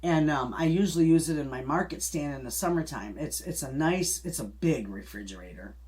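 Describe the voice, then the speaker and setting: A woman's voice: low-pitched, lively intonation, fairly quick, darkish tone. A middle-aged woman hosting a homestead channel, chatting casually and telling a story in a folksy, rambling way with restarts and little chuckles.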